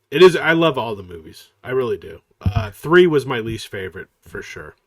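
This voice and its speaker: A man's voice: medium pitch, very animated, normal speed, few pauses, no room sound. A man co-hosting a podcast in casual chat, mostly agreeing, with short replies and some longer thoughts.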